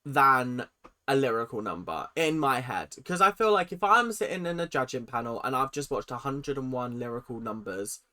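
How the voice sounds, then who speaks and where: A person hosting a casual reaction video, chatty, opinionated and at times sarcastic. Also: medium pitch. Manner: animated and opinionated, sometimes sarcastic.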